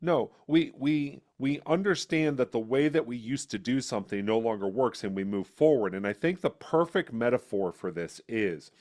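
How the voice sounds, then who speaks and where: A man's voice: mid-range voice, animated, moderate pace, hardly any pauses, a little mellow. A man, a political candidate and former educator, answering interview questions and telling a long anecdote with acted-out voices. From United States. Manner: storytelling, acting out quoted voices.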